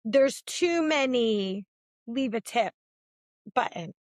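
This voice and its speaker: High-voiced woman telling stories. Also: slow, no room sound. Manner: animated storytelling, swings between high and low. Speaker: podcast co-host. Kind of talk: casual chat.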